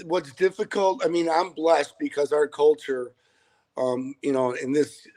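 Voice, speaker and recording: A middle-aged man, a high school football head coach, answering interview questions over a video call in an earnest, rambling way with many restarts. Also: darkish tone, poor audio.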